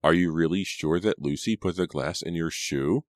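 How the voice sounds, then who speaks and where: A man's voice: low-pitched, normal speed, no echo, clean studio sound, natural voice. A man voicing a timid, soothing young woman. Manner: soft, soothing, cautious. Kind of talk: audiobook character reading.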